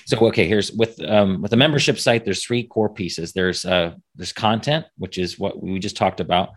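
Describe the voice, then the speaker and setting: A man's voice: lowish voice, moderate pace, slightly rough. A man acting as a business coach, talking casually and thinking aloud with frequent restarts. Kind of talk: casual consulting chat.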